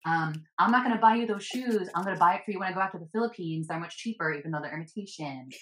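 A woman's voice: on the low side, rapid-fire, a bit bright, roomy sound, close to an everyday voice, poor audio. A woman putting on the voice of a frugal, scolding immigrant parent, blunt and bossy.

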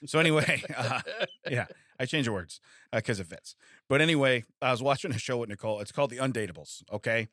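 A man's voice: mid-range voice, fast, a bit bright, no echo, studio quality. A middle-aged man from the United States co-hosting a casual chat, rambling through stories with frequent laughs and restarts. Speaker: podcast co-host.

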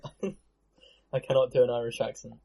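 A man's voice: mid-range voice, fairly even intonation, fairly quick, creaky, over a noisy crowd. A man in a casual film commentary chat over a video call, self-deprecating and laughing.

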